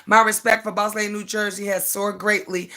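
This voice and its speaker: A woman's voice: medium pitch, level tone, fairly quick, bright, forceful tone. An older woman hosting a livestream, talking bluntly, repeating words for emphasis and reading out viewer comments. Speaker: livestream host. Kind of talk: casual livestream talk.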